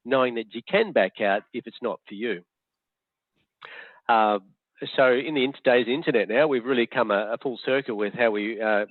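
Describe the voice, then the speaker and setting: Fields: Sex: man. Role: workshop facilitator. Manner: chatty, hesitant, lots of fillers. Pitch: average. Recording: tinny video-call audio, dry. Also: dry recording. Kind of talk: online workshop teaching. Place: home or office on a video call.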